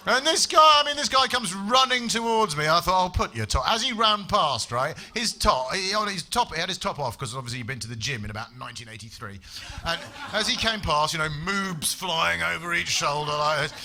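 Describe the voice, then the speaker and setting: A male stand-up comic working a club stage, his voice sitting a touch higher than most men's. He spins stories in a wry, sardonic tone and swears freely. The live recording carries a clear layer of noise behind him. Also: expressive, brisk, pushed and bright. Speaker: stand-up comedian. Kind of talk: stand-up comedy set.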